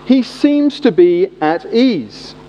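Guy preaching, jokey and lively, dull lo-fi recording. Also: sits high, slow. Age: 40s. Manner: humorous, animated storytelling. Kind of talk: sermon. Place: church. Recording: echoey hall, dull lo-fi sound.

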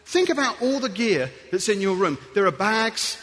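A man giving a playful, animated talk to an audience as a guest speaker, acting out little scenes as he goes. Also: high-pitched, moderate pace. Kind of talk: lively motivational talk to an audience.

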